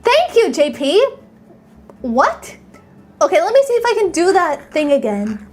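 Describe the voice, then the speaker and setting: A woman with a high, light voice chats playfully with her live audience. She rambles in a bubbly way, thanks viewers by name and hypes them up. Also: very animated, unhurried, soft background music. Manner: bubbly, playful, reads and thanks chat, sometimes squeals. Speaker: streamer. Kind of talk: casual live-stream chat.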